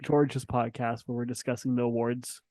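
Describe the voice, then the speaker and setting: A man's voice: mid-range voice, little pitch movement, normal speed, dark tone, no echo. A man hosting a casual podcast with a group of guests, laid-back, with frequent ums. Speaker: podcast host.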